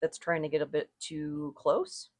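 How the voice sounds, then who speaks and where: Casual rune reader, middle-pitched voice, loose and rambling, dry close sound. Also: level tone, unhurried, darkish tone, no room sound. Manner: meandering, thinks aloud, self-correcting, chuckles often. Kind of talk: casual spoken reading to viewers.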